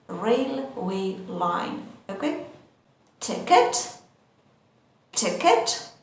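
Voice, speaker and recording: A woman teaching English vocabulary, repeating each word twice and checking in with the listener. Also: mid-range voice. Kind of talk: slow, repetitive vocabulary lesson. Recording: very echoey room, faint noise.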